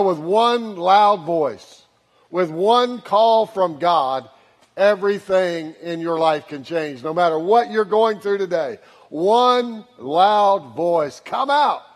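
A man preaching a sermon, starting conversational and lightly joking, then building to fervent repeated calls. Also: high voice. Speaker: pastor. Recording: long hall reverb.

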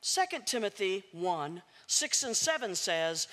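Animated woman preacher in an echoing hall. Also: on the high side, unhurried. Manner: dramatic, swooping delivery with asides. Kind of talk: sermon storytelling.

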